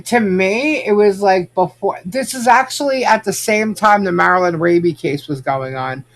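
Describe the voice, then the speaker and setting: A man's voice: high voice, moderate pace. A man hosting a casual podcast, chatting and reacting to viewer comments. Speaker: podcast host. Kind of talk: casual gossip chat.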